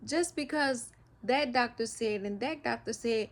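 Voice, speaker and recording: A woman talking through her feelings in a personal vlog, halting and emotional, often restarting her sentences and speaking of her faith. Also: fairly high pitch. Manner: faith-filled, speaks of God. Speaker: vlogger.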